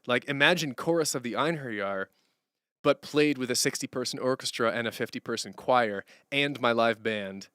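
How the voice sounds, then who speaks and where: A man on a live stream, talking loosely and rambling as he answers chat from a hardwood floor at home. His voice is smooth and crisp in a dry, close-miked sound. He laughs easily between thoughts. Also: medium pitch, moderate pace, pushed and bright, dry recording. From Canada. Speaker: streamer and musician.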